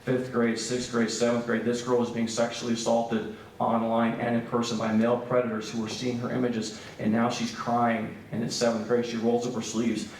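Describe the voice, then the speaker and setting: Man giving a church talk in a booming echoey hall. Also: normal speed, recorded from a distance, a little hiss or hum. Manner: storytelling, animated then quiet and grave. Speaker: speaker at a church breakout session. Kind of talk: earnest church seminar talk.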